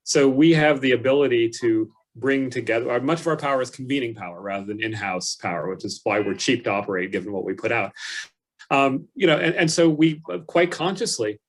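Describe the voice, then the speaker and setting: A man speaking as a panelist, explaining his points in a thoughtful, measured way with fillers. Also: medium pitch. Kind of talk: unscripted panel discussion.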